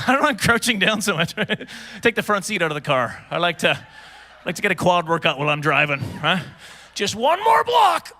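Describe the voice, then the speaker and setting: A man from Canada tells rambling, self-deprecating stories in a stand-up set, stumbling and restarting. His voice sits high and sounds bright and forceful. He is performing on stage for a live crowd. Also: brisk. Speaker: stand-up comedian. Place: stage before a live audience.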